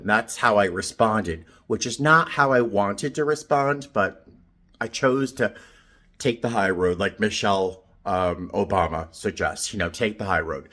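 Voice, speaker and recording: A man in his fifties, a flight attendant, vlogging casually from a hotel room and telling a story in a chatty, animated way. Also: fairly low pitch, moderate pace. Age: 50s. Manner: chatty storyteller, animated, quotes people in voices. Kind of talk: casual vlog chat.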